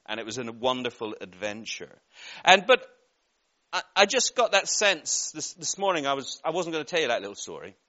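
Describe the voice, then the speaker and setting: Male preacher, bright lively storyteller, slightly dull lo-fi church recording. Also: medium pitch. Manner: animated storyteller, laughs at own jokes. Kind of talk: sermon with personal storytelling.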